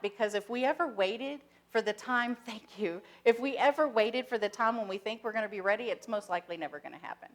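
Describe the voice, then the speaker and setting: A woman minister giving a sermon, starting with gentle, soft-spoken guided stillness and moving into storytelling. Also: a little high. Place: church sanctuary, stage lights.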